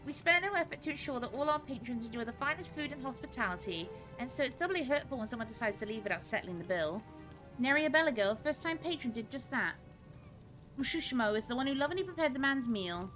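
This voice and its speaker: A polite, fussy restaurant manager from a fantasy game, formal and genteel, as a woman reads the part. The voice sounds bright and fairly high. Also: very animated, fast talker, faint music behind, low-quality recording. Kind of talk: reading game dialogue aloud.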